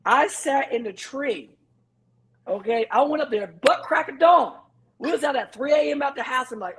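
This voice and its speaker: A man's voice: very high-pitched, normal speed, fairly bright tone, rough recording. A man telling a story in casual chat, emphatic and repeating his phrases as he acts out quotes. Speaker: guest.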